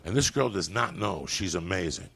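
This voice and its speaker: A man's voice: deep voice, animated, normal speed, gravelly, pushed and bright, breathy edge. A man telling a crude, rowdy story as a comedian guest on a podcast.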